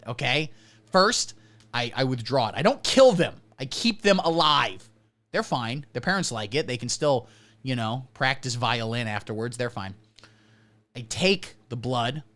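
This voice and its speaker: A man hosting a satirical comedy livestream, delivering absurd deadpan jokes and swinging between mumbled asides and sudden emphasis. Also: mid-range voice. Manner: deadpan absurdist, mock-conservative persona. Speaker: livestream host.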